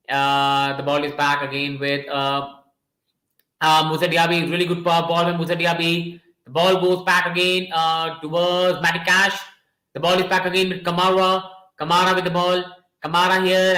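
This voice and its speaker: A young man hosting a live football watchalong, commentating excitedly to his chat and shouting at goals. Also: sits high, reverberant, rough recording. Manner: excitable, repeats names and "guys", shouts at goals.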